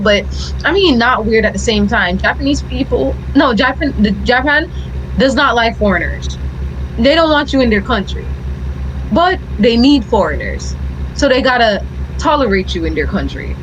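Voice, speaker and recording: A young woman from Jamaica with a Jamaican accent, teaching English in Japan, chatting in a lively, profane storytelling manner. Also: a little high, a little hiss or hum, low-quality recording. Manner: animated storyteller, swears freely, mimics others. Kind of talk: casual podcast chat.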